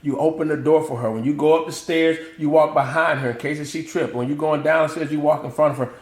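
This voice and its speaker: Man from the American South, middle-aged, animated storyteller, slightly higher voice, echoey room. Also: quick pace. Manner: animated, acts out family quotes, laughs often. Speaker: guest, author and motivational speaker. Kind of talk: casual interview chat, storytelling.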